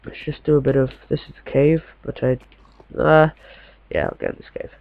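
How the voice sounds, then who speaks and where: Gravelly young man chatting. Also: fairly high pitch, fairly even intonation, normal speed, no echo, narrow, tinny audio. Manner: chatty, talks to himself, slightly posh. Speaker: gamer. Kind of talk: casual gameplay commentary.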